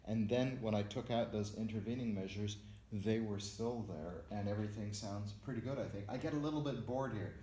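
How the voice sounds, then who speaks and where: A man's voice: on the low side, a little fast, dark tone, echoey room, slight background noise. A man teaching a music theory lesson, explaining step by step and counting beats aloud. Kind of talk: lecture with sung and spoken examples.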